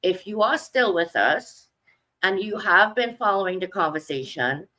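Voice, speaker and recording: A woman hosts a live online show over a video call, her tone bright and forward. She speaks with earnest emphasis and keeps things moving. Her pitch sits right in the middle for a woman. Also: animated, normal speed, poor audio. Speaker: host of a live book show.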